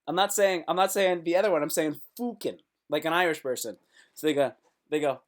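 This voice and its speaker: A man's voice: a little high, a little fast. A man hosting a comedic live stream, rambling through jokes, swearing freely and breaking into freestyle rap.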